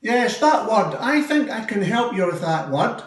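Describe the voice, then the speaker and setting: A man with a Scottish accent, gently explaining a word over a tablet video call. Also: sits high, very animated, unhurried, background noise. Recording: echoey, distant room sound.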